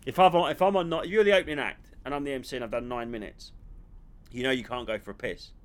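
A young man, a comedian, chatting casually on a podcast and telling a heated backstage story with animated retelling. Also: mid-range voice, fast, clear, resonant tone. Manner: animated storytelling, acts out arguments, repeats himself when worked up. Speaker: stand-up comedian and podcast co-host.

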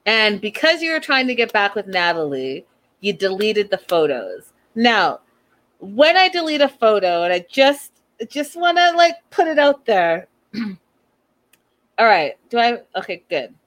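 A woman in casual chat, recapping a reality show in a gossipy, animated way and quoting the cast as she goes. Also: mid-range voice, measured pace. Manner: chatty, gossipy, animated retelling with quoted lines.

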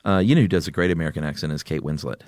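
A man's voice: extremely low pitch, rapid-fire, darkish tone, no echo, studio quality. A man co-hosting a podcast, reading out listener suggestions in casual chat and laughing easily. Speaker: podcast co-host.

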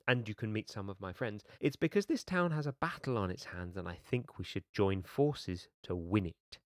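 An eager woman who organizes a dinner party and declares every plan with gusto, as a man reading aloud puts her on. The voice sits low and sounds close and dry. She speaks in an emphatic, declaring way. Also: animated, normal speed, no room sound, lightly acted. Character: brisk middle-aged woman organizer, enthusiastic.

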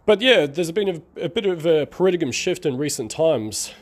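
A man's voice: fairly high pitch, lively intonation, normal speed. Middle-aged man, Australian-New Zealand accent, slight lisp, drawls a little; candid, rambling vlogger talking straight to camera. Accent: between Australian and New Zealand. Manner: draws out his speech, rambling and candid. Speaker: online marketing vlogger. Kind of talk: casual talking-to-camera monologue.

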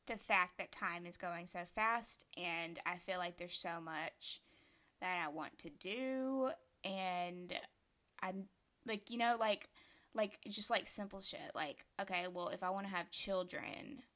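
A woman's voice: fairly low pitch, slow, fairly bright tone. A woman in her late twenties co-hosting a podcast, chatting casually, full of filler words and easy swearing. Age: late 20s. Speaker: podcast co-host. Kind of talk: casual chat.

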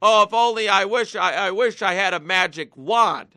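A man's voice: sits high, normal speed, gravelly, bright, forceful tone, no room sound. A man hosting a political talk show, ranting sarcastically and mocking his targets. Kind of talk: political commentary.

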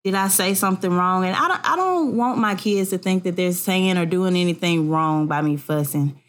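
A woman in casual chat as a podcast co-host, telling animated family stories. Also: fairly low pitch, moderate pace. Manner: animated storyteller, acts out family voices.

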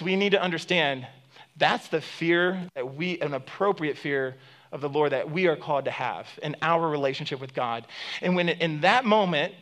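Male pastor, sermon, higher-pitched voice, casual joking delivery, emphatic storytelling. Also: fairly bright tone. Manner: conversational and joking, with many fillers.

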